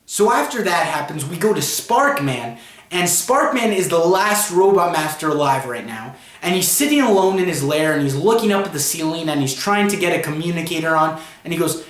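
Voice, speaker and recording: High-voiced man recapping a comic. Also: normal speed, fairly bright tone, echoey room. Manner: rambling retelling, chained with "and" and "you know". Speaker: comic book reviewer. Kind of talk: casual plot recap vlog.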